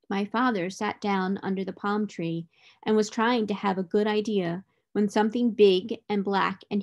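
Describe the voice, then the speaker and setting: Woman, tutor, storybook read-aloud, clear, expressive, medium pitch.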